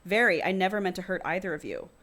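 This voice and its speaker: A woman reading the lines of an apologetic, submissive young man from a book, in her own low voice. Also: quick pace, a bit bright. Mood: contrite. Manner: contrite, hesitant.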